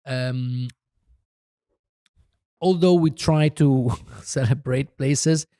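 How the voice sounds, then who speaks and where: Extremely slow and warm, a medium-pitched voice belongs to a middle-aged magazine co-founder from Italy. Guesting on a podcast for a casual chat, he rambles and hesitates, restarting often, in a studio-quality recording without room sound.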